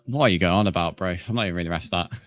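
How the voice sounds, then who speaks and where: A young man streams a game live in a deep, slightly bright voice, talking very fast. He chats casually with his viewers, reads chat, and swears freely as he comments on the game.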